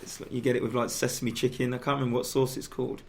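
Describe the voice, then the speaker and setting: Halting, friendly man chatting on radio. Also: medium pitch, flat delivery. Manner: halting, many restarts and fillers. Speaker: footballer guest. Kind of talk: casual radio chat. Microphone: studio microphone.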